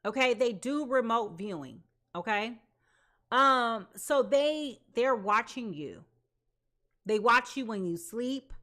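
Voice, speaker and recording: A woman's voice: fairly high pitch, lively intonation, slow pace, bright, forceful tone. A woman giving a live tarot reading, talking in an emphatic, repetitive way with casual slang. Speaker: tarot reader.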